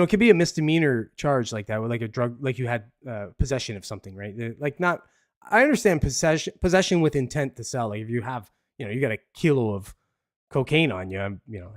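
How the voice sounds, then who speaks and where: A man's voice: mid-range voice, no echo, studio quality. A man hosting a live podcast, commenting in a casual, rambling, profane way with frequent laughs. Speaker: podcast host.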